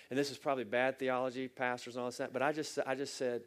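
A middle-aged man preaching from the pulpit in an earnest, emotional way. His voice sits at an ordinary pitch for a man. He tells stories with feeling, rising into loud bursts and dropping to soft, near-whispered lines. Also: steady tone, fast, few pauses. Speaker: pastor. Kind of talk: sermon.

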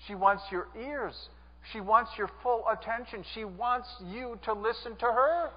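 A man's voice: very high-pitched, measured pace. A man preaching a sermon to a congregation in earnest, repeating phrases and asking them to answer back. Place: church sanctuary. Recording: dull sound with long church reverb.

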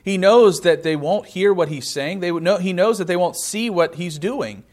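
A man's voice: sits high, normal speed. A man preaching a sermon, reading scripture aloud and explaining it with rhetorical questions.

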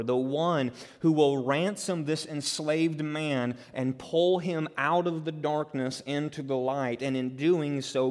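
A man preaching a sermon as pastor, emphatic and conversational, acting out quotes and building to loud peaks. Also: fairly high pitch. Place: church sanctuary. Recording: reverberant hall.

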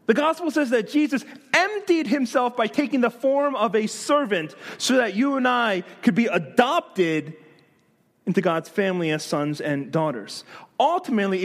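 A man preaching a sermon as pastor, animated, with rhetorical questions and light humor. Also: high-pitched.

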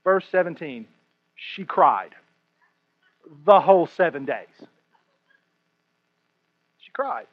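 A man preaching a sermon, animated and joking, often repeating his words as he explains scripture. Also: fairly high pitch, slow pace, long pauses, highs cut off. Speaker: pastor.

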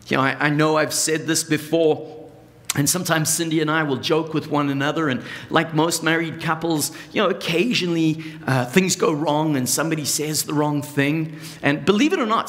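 A middle-aged man giving a sermon as a pastor, earnest and conversational, slowing down and pausing on key phrases. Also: on the high side, a bit bright.

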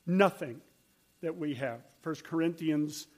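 A man's voice: fairly high pitch, slow pace. An older man preaching a sermon, telling stories in an earnest, conversational way. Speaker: pastor.

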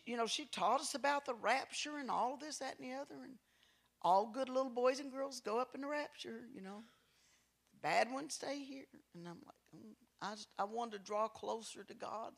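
High, bright-voiced folksy preacher man. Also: normal speed, gravelly. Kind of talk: sermon with storytelling.

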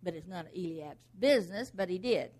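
A woman's voice: lowish voice, expressive, fairly quick, a little mellow. A woman preaching a sermon emphatically, firing off rhetorical questions.

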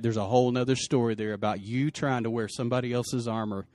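A male pastor preaching a sermon, telling the story in lively, casual slang and acting out the people's lines. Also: medium pitch, fast talker, no echo.

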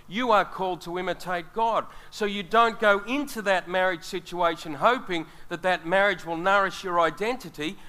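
A man's voice: high voice, sharp tone. A middle-aged man preaching a sermon, earnest and speaking straight to his congregation. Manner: earnest, addresses the congregation directly.

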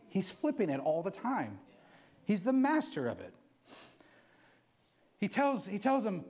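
A middle-aged male pastor giving an excitable sermon, acting out quotes as he preaches. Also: high-pitched, unhurried, pauses often.

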